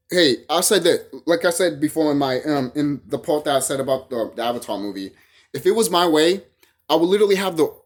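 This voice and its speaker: A vlogger delivering a heated, profane monologue to camera, often repeating phrases and restarting sentences. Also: medium pitch.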